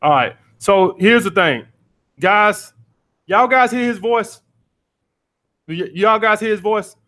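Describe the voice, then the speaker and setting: High-voiced blunt profane coach. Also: male voice, expressive, slow pace, bright, forceful tone. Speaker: dating coach taking calls. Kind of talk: call-in advice show.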